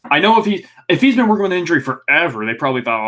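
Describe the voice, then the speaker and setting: A man's voice: on the high side, big pitch swings, racing, a bit bright. A young man co-hosting a podcast, reviewing wrestling in a casual, rambling way, with lots of ums, restarts and the odd swear. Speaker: podcast co-host.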